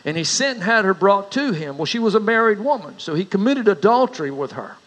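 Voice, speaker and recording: In poor-quality audio, a middle-aged pastor delivers his sermon a little fast, his voice expressive and fairly bright. He tells stories like a folksy storyteller, his pitch climbing whenever he reaches an anecdote.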